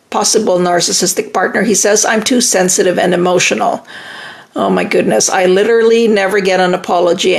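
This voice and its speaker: A woman's voice: mid-range voice, creaky. A middle-aged woman hosting a live relationship-advice stream, reading viewer comments aloud and answering in an emphatic, reassuring way.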